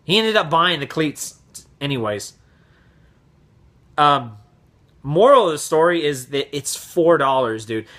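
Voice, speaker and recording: A man vlogger telling a casual story in an animated, profane way, acting out the voices. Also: fairly high pitch, measured pace, pauses often.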